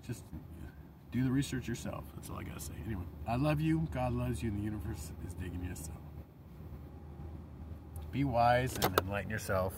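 A man delivering a profane, rambling vlog rant, swinging between loud outbursts and low mutters. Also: brisk, long pauses, noisy background. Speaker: vlogger. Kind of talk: ranting monologue.

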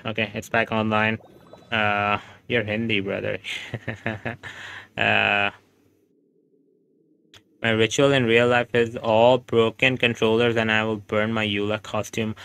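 Speaking into a home streaming microphone, an Indian English-accented man hosts a relaxed gaming livestream, laughing frequently as he reads chat messages aloud. His voice sits lowish and sounds clear, resonant, and sharp, with some vocal fry.

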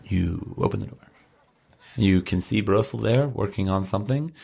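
A man acting as game master, narrating and explaining a tabletop game in a relaxed way full of fillers. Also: on the low side, moderate pace, creaky.

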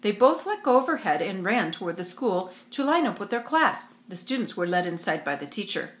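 A woman's voice: mid-range voice, brisk. Woman reading a children's story aloud. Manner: expressive storytelling. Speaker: narrator. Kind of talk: audiobook reading. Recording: roomy echo.

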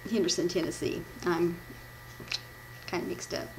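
A woman's voice: on the low side, steady tone, normal speed, creaky, a little mellow, poor audio. Woman from the us midwest doing a church devotion, rambly, keeps fixing her own slips, faint hum behind. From Midwestern United States. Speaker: devotional speaker. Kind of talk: informal church devotion, reading notes.

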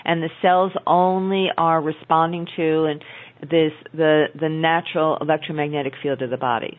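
Low-pitched woman, earnest interview guest, explains patiently with frequent restarts. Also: steady tone, normal speed, poor audio. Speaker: guest, naturopathic doctor.

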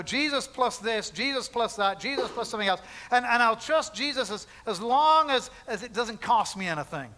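Bright high-voiced man preaching. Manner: conversational preaching with repetition and asides. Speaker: pastor. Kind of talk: sermon. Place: church sanctuary.

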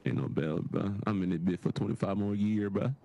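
A man's voice: lowish voice, a little fast, warm tone, lightly acted. A man playing a blind young man stuck in prison who rambles and stammers defensively in casual role-play chat. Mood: rambling. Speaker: game character.

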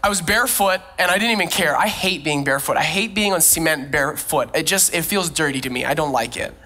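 A man preaching a sermon as a pastor, who tells lively personal stories and laughs often. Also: a little high, fast. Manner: animated storytelling, frequent laughs.

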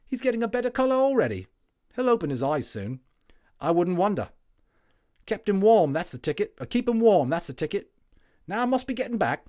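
A man's voice: high-pitched, very animated, brisk, darkish tone, pitched above the performer's own voice. A man voicing a cheerful young male army medic from the First World War, chatty and reassuring, dropping his h's.

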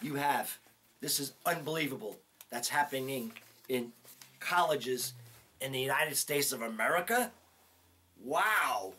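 A man delivering an indignant commentary video, halting with many ums and uhs, then ranting and swearing with outrage. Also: medium pitch, animated. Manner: outraged, profane, rising to shouts. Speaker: vlogger.

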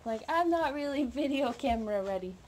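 A woman's voice: sits high, lively intonation, fairly quick, darkish tone. A woman dog trainer explaining a live training session to viewers while working with her puppy off camera, coaching in an upbeat way. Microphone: camera mic, off camera. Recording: noticeable background noise with training clicks.

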